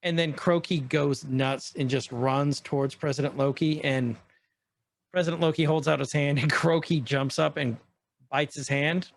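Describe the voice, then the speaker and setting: A man with a voice a touch higher than most rambles eagerly through a casual podcast chat. He retells scenes as he pauses the show, getting excited as he goes. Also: vocal fry. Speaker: podcast co-host. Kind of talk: casual chat recapping an episode.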